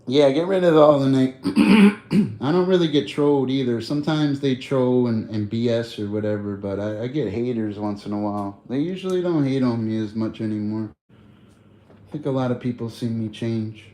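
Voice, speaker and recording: A man's voice: mid-range voice, moderate pace, warm tone. Rambling slangy man livestreaming. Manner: rambling, slangy, laughs often. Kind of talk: casual livestream chat.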